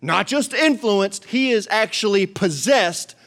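A man delivering a sermon in a noticeably high voice. He reads scripture aloud, then breaks into casual, animated explanation with jokes and asides to his listeners. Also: unhurried. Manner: jokes and talks to the congregation. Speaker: pastor.

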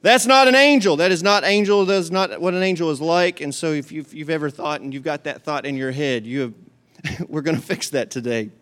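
A man preaching a sermon to his congregation in a folksy, joking, animated way. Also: a little high, brisk. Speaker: pastor.

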